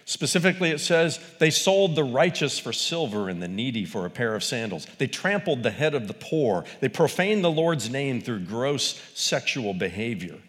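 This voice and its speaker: A man preaching a sermon, animated, rising to loud peaks and dropping to quiet asides. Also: mid-range voice, normal speed, few pauses, long reverb tail. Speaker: pastor.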